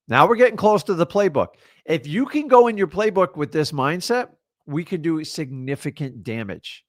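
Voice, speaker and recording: A man's voice: fairly high pitch, no echo, studio quality. A man coaching on a live stream, blunt and fired up, lecturing his viewers on accountability. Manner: imitates excuses in mocking quoted voices. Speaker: real estate wholesaling coach.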